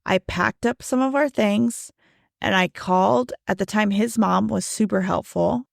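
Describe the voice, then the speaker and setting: A woman's voice: mid-range voice, unhurried, gravelly, no echo, clean studio sound. A woman in her thirties hosting her own podcast, telling a personal story in a casual, conversational way, full of "like" and "right?". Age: 30s. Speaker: podcast host.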